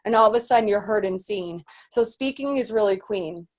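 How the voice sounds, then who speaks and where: A woman business coach telling her story in an animated motivational talk, full of restarts and fillers. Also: medium pitch, a little fast. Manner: animated, acts out quoted voices; rambling with many restarts and fillers.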